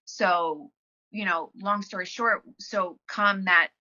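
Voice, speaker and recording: A woman tells a long story in a relaxed interview, chatty and full of fillers, slipping into the voices of people she quotes. Her voice is bright and sharp at a mid pitch. The recording sounds dull and lo-fi. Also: takes it slowly. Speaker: podcast guest, former wrestler.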